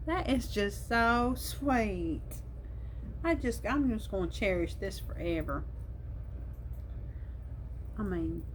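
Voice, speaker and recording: Slow-talking woman, emotional. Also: medium pitch, animated, slight background noise. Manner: warm, emotional, slow and drawling with folksy grammar. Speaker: crochet vlogger. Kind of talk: casual unboxing chat.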